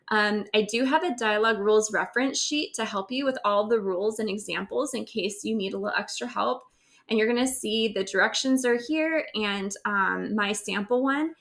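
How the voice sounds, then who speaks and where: A woman's voice: fairly high pitch, a bit bright. A woman teacher recording a grammar lesson over slides, explaining step by step and often checking in with "right?".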